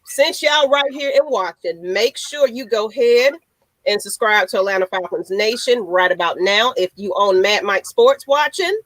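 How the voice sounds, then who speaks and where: A woman's voice: medium pitch, normal speed, a bit bright, no echo, low-quality recording. Blunt woman co-host on a sports stream. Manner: blunt, scolding, wry. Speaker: podcast co-host. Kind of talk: casual sports talk stream.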